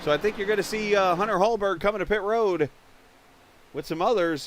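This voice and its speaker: A man commentating a virtual stock car race live, chatting with viewers and getting excited when cars run into trouble on pit road. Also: high voice, brisk. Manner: chatty, reads viewer chat, gets excited at incidents.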